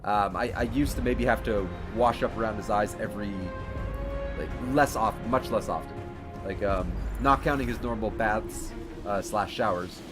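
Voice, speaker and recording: A man's voice: lowish voice, normal speed. Giggly young man chatting on stream. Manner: rambling, giggly, baby-talks to his dog. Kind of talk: casual livestream chat while gaming. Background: game music.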